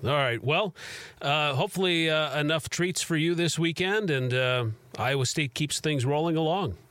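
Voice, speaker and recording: A man from Chicago hosting a sports radio show, telling stories in an animated, laughing way. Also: a little high, moderate pace, no room sound. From Chicago, USA. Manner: animated storyteller, laughs easily. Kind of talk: casual radio chat.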